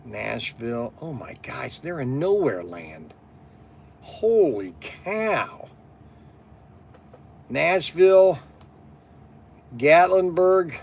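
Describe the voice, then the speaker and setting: A middle-aged man from Southern Ohio chats casually as the host of a livestream. His voice sits high and swings widely in pitch. He rambles from one aside to the next and laughs often. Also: big pitch swings, takes it slowly, creaky, darkish tone, slightly rough.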